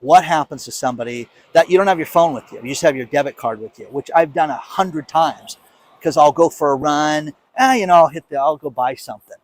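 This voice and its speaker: A man's voice: fairly high pitch, brisk. A man in his fifties, hosting a casual monologue, telling a story with emphatic, indignant energy and acting out quoted lines. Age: 50s. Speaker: show host.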